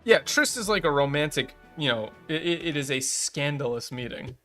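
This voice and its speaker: Brief: male streamer, bright, forceful tone, swears freely, faint music behind. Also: a little high, lively intonation, normal speed. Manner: blunt and profane. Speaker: streamer and host. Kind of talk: casual game reaction chat.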